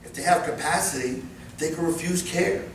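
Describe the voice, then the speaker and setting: A man in his fifties running a live workplace safety training class, animated and joking as he demonstrates moves. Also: a little high, normal speed, a little hiss or hum. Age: 50s. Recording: very echoey room, far mic, faint ambience.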